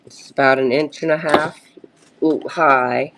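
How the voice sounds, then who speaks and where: A woman selling vintage brooches on a live stream in a casual, halting pitch, often pausing to search for words. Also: fairly even intonation, background noise.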